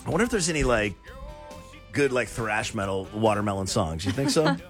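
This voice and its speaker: A man's voice: on the low side, sing-song, a little fast, soft background music. A man hosting a call-in radio show, joking and self-deprecating in casual banter. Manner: chatty, self-deprecating, jokey. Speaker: radio host. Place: radio studio.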